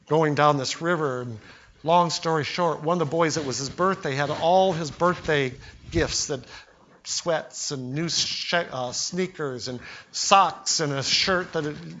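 An older pastor preaches with a bright, forceful, slightly high voice, telling homely stories and acting out what people said. The recording sounds dull and lo-fi. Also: male voice. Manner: storytelling preacher, acts out quotes with voices. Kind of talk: sermon.

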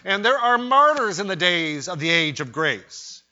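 A man preaching a sermon in an emphatic way, rising to loud cries when he voices quoted pleas. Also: high-pitched, very animated, unhurried. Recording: dull lo-fi sermon recording.

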